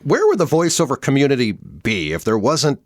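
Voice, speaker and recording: A man's voice: mid-range voice, wildly swooping pitch, moderate pace, dry recording, clean studio sound. A man hosting a podcast, talking in an emphatic, exasperated casual chat. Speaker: podcast host.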